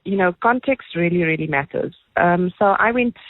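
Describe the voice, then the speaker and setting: A South African woman calling in to a talk radio show, telling a story with animated, sarcastic asides. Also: on the low side, moderate pace, no room sound. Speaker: caller. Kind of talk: casual radio call-in chat. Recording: dull phone line.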